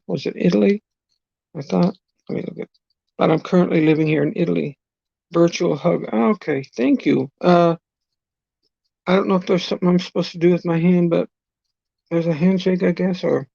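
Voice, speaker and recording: A man with a gravelly, creaky voice hosts a live stream. He talks in a rambling, friendly way, greets viewers one at a time and reads out chat messages. The sound is close and dry, with dull lo-fi stream audio. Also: a little high, darkish tone, dry recording.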